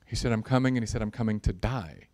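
A man preaching a sermon, animated and jokey, building in intensity at times. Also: fairly low pitch, quick pace. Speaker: pastor.

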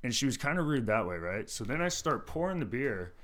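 Laid-back, cursing bartender telling stories. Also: male voice, medium pitch, sing-song, brisk, fairly bright tone. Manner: laid-back and profane, full of fillers like "dude" and "like". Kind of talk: casual storytelling chat.

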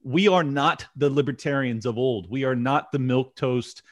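A man's voice: mid-range voice, moderate pace. A man hosting a podcast, talking in a passionate, profane rant. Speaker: podcast host. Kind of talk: casual political podcast chat.

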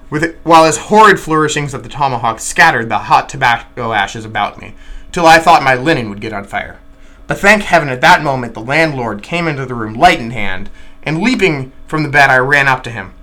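Male reader of a classic novel, bright forceful tone, expressive live reading. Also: medium pitch, a little fast. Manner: lively expressive reading, occasional slips.

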